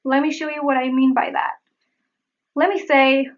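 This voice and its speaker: A woman accent coach giving a pronunciation lesson, repeating example words slowly and carefully. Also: high-pitched, level tone, lo-fi sound.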